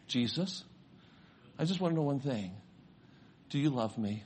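A man's voice: mid-range voice, animated, a little slow, long pauses, darkish tone, husky. An older man, a grandfather and pastor, preaching a sermon, telling a personal story and rising to fervent preaching.

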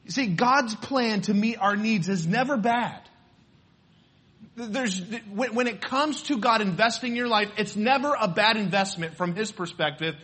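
A male preacher delivers a sermon in a chatty, storytelling way. His voice sits high and bright with a husky grain. He keeps turning to the congregation with questions. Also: a little slow. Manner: conversational, asks the congregation questions. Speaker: pastor.

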